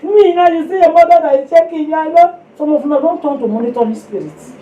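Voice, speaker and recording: Speaking fast in a high voice, a Nigerian woman delivers a sermon at a women's fellowship, dramatizing stories with sound effects, dropping in Yoruba phrases and directly exhorting her audience. The sound is lo-fi, echoey and faintly noisy, picked up by a distant mic.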